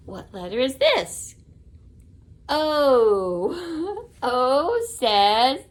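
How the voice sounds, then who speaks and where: A woman teaching phonics to small children at a very slow pace. Her voice rises and falls with lively, sing-song swings and sits a little high. She stretches out each sound and praises the child often. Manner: warm praise and soft blessing to close.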